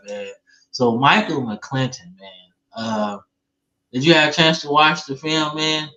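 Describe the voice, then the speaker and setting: A man's voice: mid-range voice, bright, forceful tone. Chill guy hosting a football show, talks loose and slangy, kinda muffled lo-fi sound. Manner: laid-back, slangy, says "man" and "bro" a lot. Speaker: podcast host. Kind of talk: casual sports talk. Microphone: streaming setup, remote call. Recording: dull lo-fi stream audio.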